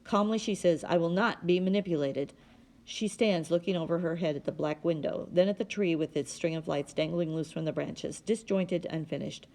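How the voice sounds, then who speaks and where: A woman reading a novel aloud in a steady, plain manner. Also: low voice, normal speed, gravelly, few pauses. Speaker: audiobook reader.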